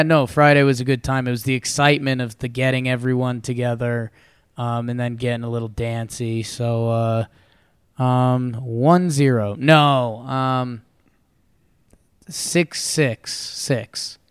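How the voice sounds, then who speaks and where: A man's voice: medium pitch, flat delivery, a little slow, smooth, no room sound. A man co-hosting a podcast, chatting casually with dry, offbeat quips and some hesitation. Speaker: podcast co-host. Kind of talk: casual chat.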